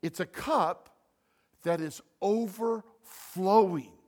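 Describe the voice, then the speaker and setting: A man preaching a sermon as pastor, animated, swinging between loud emphasis and quiet asides. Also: high-pitched, takes it slowly.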